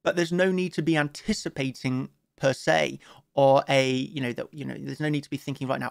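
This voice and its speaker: A man's voice: fairly high pitch, steady tone, fairly quick, gravelly, no echo, studio quality. A man hosting a casual trading analysis talk, chatty and upbeat, with many "you know" fillers. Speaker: crypto trading analyst host.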